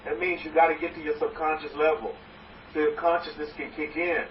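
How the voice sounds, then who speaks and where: A high-pitched man preaches from some distance away, his voice bouncing around an echoey room. The sound is muffled and dull, with faint noise underneath. He exhorts his listeners in a rambling way, restarting sentences as he goes. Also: flat delivery, a little fast. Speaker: rabbi. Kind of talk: sermon.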